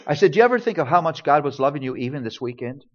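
A man's voice: a little high, sing-song, racing. A man speaking as a pastor, telling a family story in earnest sermon style and acting out the quoted dialogue. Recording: dull lo-fi recording.

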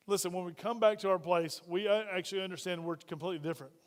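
Pastor guy with a high voice, chatty sermon, keeps asking the crowd stuff, long church echo. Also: racing, hardly any pauses. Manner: asks the congregation frequent questions. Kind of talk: conversational sermon. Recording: long reverb of a church hall.

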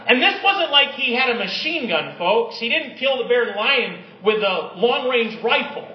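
High-voiced man preaching in an echoey hall. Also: normal speed, hardly any pauses, dull audio. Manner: energetic preaching, reads stories aloud, rising to emphatic peaks. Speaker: pastor. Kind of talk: sermon.

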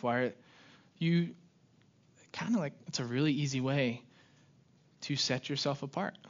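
A man's voice: on the high side, highs cut off. Casual young male youth preacher. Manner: conversational, often asks "right?", acts out grumbling voices. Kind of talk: casual sermon.

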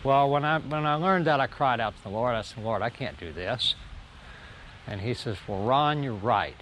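A man, telling his own story of forgiveness in an earnest, slow way. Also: medium pitch, animated, a bit bright, a little hiss or hum. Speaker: testimony speaker. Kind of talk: personal testimony. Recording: music bed underneath.

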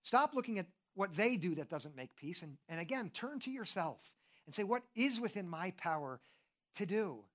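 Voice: medium pitch, sing-song, moderate pace. A preacher giving a sermon in an earnest, conversational way, who often asks the listeners questions and restarts with "and, and". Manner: often repeats "and, and" when starting a thought.

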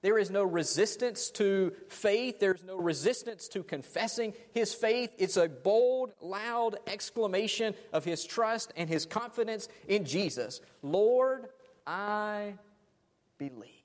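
A man's voice: high-pitched, animated, a little slow, hardly any pauses. A man preaching a sermon, dramatic, letting his phrases fade off almost to silence. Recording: long hall reverb.

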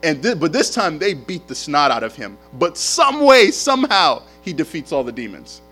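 A male pastor delivering a sermon, swinging into lively, slangy storytelling. His voice sits somewhat high for a man. Faint music plays underneath. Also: moderate pace, slightly rough. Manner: animated storytelling with casual slang.

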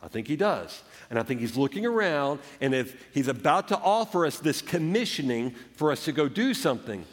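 A male pastor delivers an earnest sermon in a slightly raised voice. He now and then acts out the doubts of his listeners and the gentle words he puts in Jesus' mouth. The recording carries the long reverb of a church hall. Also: a little high, big pitch swings, brisk, hardly any pauses. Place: church sanctuary.

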